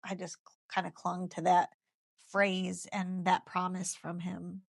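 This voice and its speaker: A woman in her thirties tells her story of faith in an interview. Her voice sits low and carries a gravelly fry. She speaks earnestly and from the heart, and often repeats a phrase several times for emphasis. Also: monotone, slow. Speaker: guest sharing her story.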